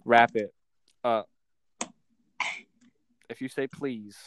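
A man's voice: mid-range voice, steady tone, drawn-out words, a bit bright, slight background noise. A young man hosting a podcast in a rambling, giggly casual chat, swearing freely. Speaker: podcast host.

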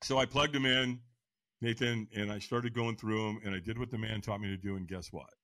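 A man's voice: fairly low pitch, a little fast, dry recording. A man in his sixties, a podcast guest telling his life story with energy, laughing and acting out voices. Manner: energetic, laughing, acts out quotes. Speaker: podcast guest, firewalk instructor. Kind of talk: animated personal storytelling.

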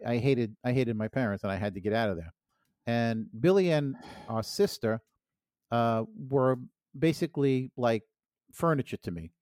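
A man's voice: mid-range voice, moderate pace, a little mellow, smooth, no room sound, clean studio sound. A middle-aged man co-hosting a podcast, telling a childhood story in a rambling, casual way with restarts and laughs. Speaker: podcast co-host.

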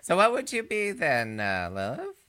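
Co-host, theatrical and exclamatory, huge pitch swings. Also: huge pitch swings, moderate pace, pushed and bright. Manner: exclamatory, dramatic. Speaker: podcast co-host. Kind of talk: casual chat.

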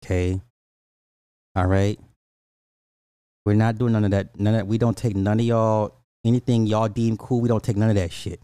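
A man's voice: lowish voice, flat delivery, normal speed, pauses often, warm tone, clear, resonant tone, dry recording, clean studio sound. An American man giving a ranting reaction commentary, incredulous and mocking, repeating his points. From United States. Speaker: commentary host.

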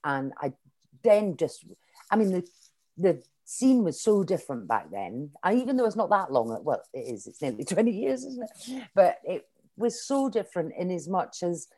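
A middle-aged woman speaks with a Scottish accent and a low, deep-set voice. She tells her stories in a relaxed, chatty way, with a dry, wry humour running through them. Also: normal speed. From Scotland. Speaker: comedian guest. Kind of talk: conversational interview.

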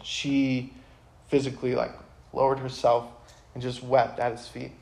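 A young man giving a casual, earnest talk to high school students, full of fillers and sudden bursts of energy. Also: completely flat delivery, a little slow, gravelly, a little mellow. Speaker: youth speaker.

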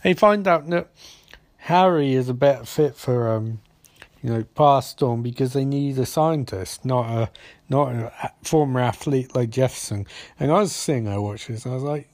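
A man's voice: mid-range voice, lively intonation, normal speed, a little mellow, no echo. A man giving a casual, rambling recap of a TV episode, sarcastic and profane. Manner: sarcastic, profane, full of restarts and fillers.

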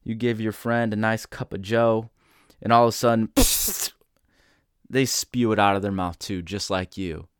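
Motivational speaker, man, smooth resonant delivery, dry close sound. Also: on the low side, steady tone, measured pace, no echo. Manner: earnest, storytelling, acts out quoted voices. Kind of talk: motivational talk.

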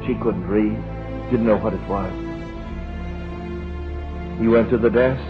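A man preaching a sermon, telling a story slowly and dramatically. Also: on the low side. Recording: lo-fi old sermon recording with music.

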